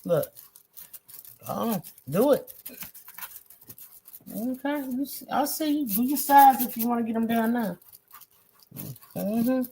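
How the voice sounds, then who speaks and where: Fairly high-pitched but dark in tone, this woman sounds animated while speaking slowly with long pauses, and there's a little hiss or hum in the audio. She teaches painting on a live stream, encouraging her viewers, talking right to them, and trading friendly, slangy banter with the chat.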